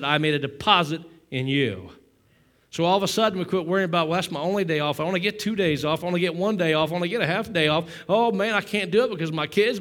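Middle-aged preacher guy, fairly high voice, exhorting his church, gets fired up. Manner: exhorting, repetitive preaching cadence, builds to loud fervor; self-deprecating asides to the congregation. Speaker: pastor. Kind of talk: sermon.

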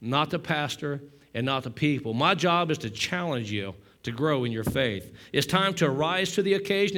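A middle-aged male pastor delivering a sermon, exhorting the congregation in a repetitive preaching cadence that builds to loud fervor. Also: fairly high pitch. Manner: self-deprecating asides to the congregation.

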